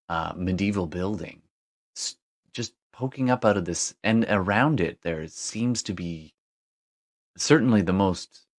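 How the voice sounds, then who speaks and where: A man narrating a tabletop game as game master, describing scenes at length with frequent fillers and restarts. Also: deep voice.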